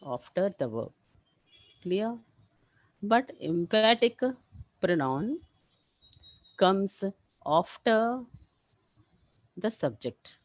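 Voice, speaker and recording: A woman teaching a live English grammar class, explaining rules step by step and often checking with "clear?". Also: mid-range voice, very animated, very slow, long pauses, no room sound, low-quality recording.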